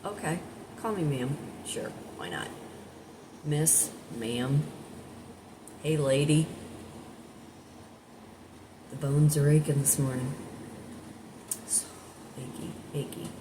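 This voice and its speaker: Woman in her sixties, low voice, rambling casual chat, noisy home recording. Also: takes it slowly, pauses often. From United States. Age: 60s. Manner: chatty, rambling, talks directly to viewers. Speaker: vlogger and life coach. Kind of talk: casual morning chat to camera.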